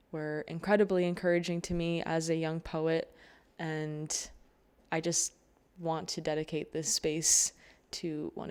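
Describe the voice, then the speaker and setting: A young adult woman hosting an open mic, chatting haltingly with many fillers before reading a poem aloud. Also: low-pitched, a little mellow, clean tone. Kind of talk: casual stage introduction and poetry reading.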